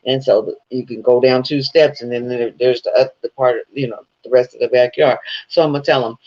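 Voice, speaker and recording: A vlogger with a medium-pitched, fairly even, brisk voice chats casually with his viewers, spinning rambling, profane stories and laughing as he goes. The casual commentary comes through with dull, lo-fi sound.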